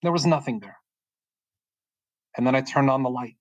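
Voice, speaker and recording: A middle-aged man from the United States telling a personal faith testimony in a calm, soft-spoken way, often pausing and restarting as he gets emotional. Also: mid-range voice, no room sound. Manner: halting and emotional, frequent restarts. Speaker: podcast guest sharing testimony. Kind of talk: personal testimony, casual storytelling.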